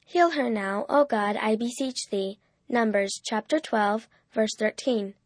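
A woman narrating a storybook in a clear, measured reading voice. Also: a little high, no room sound, studio quality.

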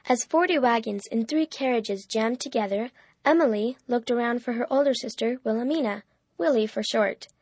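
A woman reads a storybook aloud in a clear, measured way. Her voice sits fairly high, and the recording is dry and close, with no room around it. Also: darkish tone, no echo. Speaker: narrator. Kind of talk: storybook reading.

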